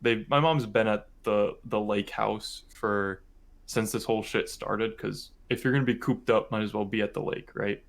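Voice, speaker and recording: A man's voice: on the low side, moderate pace, creaky. Rambling young man telling a story. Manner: rambling, full of "like" and "um", animated when telling a story. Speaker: podcast co-host. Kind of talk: casual storytelling chat.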